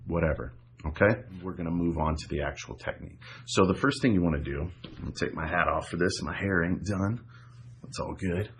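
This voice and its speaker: A man coaching viewers through a visualization technique in a casual, repetitive way, often checking in with "right?" and "okay?". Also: deep voice. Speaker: self-help coach. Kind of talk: guided instruction to camera.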